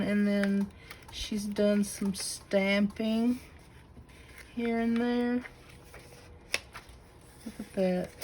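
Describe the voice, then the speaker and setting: A woman with a Southern US accent showing a crafted notebook to her camera at home, gushing with admiration and slipping into breathy asides. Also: medium pitch, a little mellow, a little hiss or hum, low-quality recording. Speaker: craft channel host. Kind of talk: casual unboxing show-and-tell.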